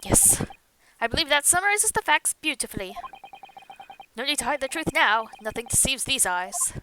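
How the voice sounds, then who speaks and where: A woman's voice: sits high, big pitch swings, normal speed, background noise. Woman reading as a grandiose eccentric male detective. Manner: grandiose, theatrical declarations. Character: eccentric pompous tall European male detective. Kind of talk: reading game dialogue aloud.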